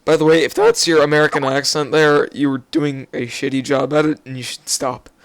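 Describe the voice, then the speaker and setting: A young man hosts a loose, jokey interview, his voice sitting a little high with a gravelly edge. He swears casually and leans on ums and uhs. The sound is dry and close to the mic. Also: level tone, a little fast, no echo. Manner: crude joking banter, filler-heavy. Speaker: podcast host.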